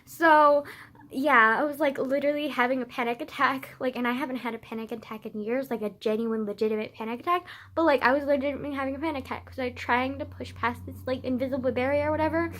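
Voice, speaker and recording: A woman's voice: high-pitched, steady tone, fast, fairly bright tone. A young woman telling a personal story in a casual vlog, rambling with constant "like" and casual swearing.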